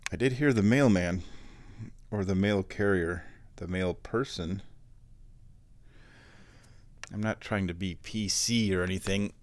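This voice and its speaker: A man's voice: deep voice, normal speed. A man vlogging in a casual, meandering way, telling a long everyday story with little laughs and sighs along the way. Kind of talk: casual rambling vlog.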